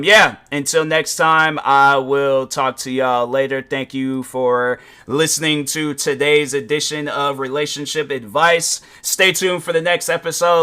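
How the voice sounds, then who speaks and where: A man hosting a casual relationship advice podcast, rambling and animated, often restarting and correcting himself as he spins a playful, petty story. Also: mid-range voice, clear, resonant tone. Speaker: podcast host.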